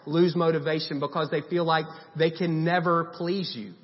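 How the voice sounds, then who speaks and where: A man's voice: a little high, fairly even intonation, moderate pace. Man preaching in a reverberant hall. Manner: conversational preaching with emphatic repetition. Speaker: pastor. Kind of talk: sermon. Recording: long hall reverb, dull sound.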